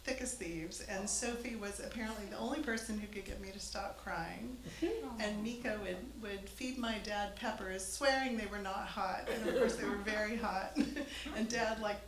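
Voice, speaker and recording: A woman telling a funny family story to a live audience in a church hall, chatty and amused. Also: medium pitch. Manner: amused, chatty, laughs between lines. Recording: echoey hall with faint noise.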